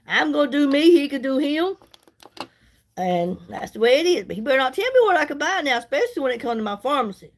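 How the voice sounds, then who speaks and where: Woman, high voice, middle-aged, chatty and sassy, live chat. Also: very animated, quick pace, poor audio. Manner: chatty, sassy, folksy, greets viewers by name. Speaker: livestream host selling products. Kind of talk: casual live chat while doing makeup.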